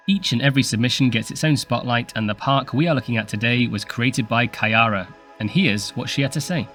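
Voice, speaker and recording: A man's voice: medium pitch, fairly quick, a bit bright, faint music behind. A man hosting a casual video game park tour, chatty and playful, laughing often. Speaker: channel host.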